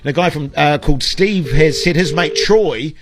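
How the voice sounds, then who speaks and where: Chatty New radio host, higher voice. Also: male voice, normal speed, noisy background. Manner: chatty, fumbling. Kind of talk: comic radio show banter.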